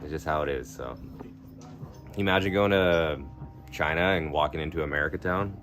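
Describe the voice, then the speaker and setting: A man's voice: rumbling low, normal speed, fairly bright tone, faint music behind. A man live-streaming, chatting casually with viewers in a rambling, laid-back way, swearing freely and laughing through his stories. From Canada. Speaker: livestreamer.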